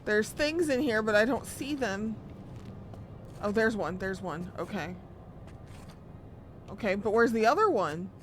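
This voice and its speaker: A woman streaming gameplay, reacting excitably, swearing often and talking to herself and the screen. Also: mid-range voice, unhurried, long pauses, slight background noise. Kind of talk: live gameplay commentary.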